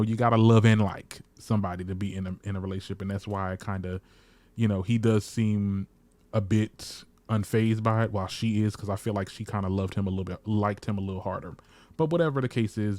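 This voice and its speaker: In a fairly low voice with no echo, a male reality TV reviewer runs through an episode in casual, throwing-shade fashion. He swears without restraint and animatedly quotes what the cast said, chatting all the while.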